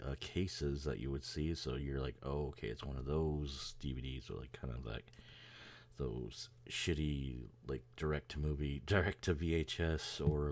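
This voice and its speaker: Casting: male podcast host, very low voice, loose profane rambling with chuckles. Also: a little mellow. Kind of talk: casual chat.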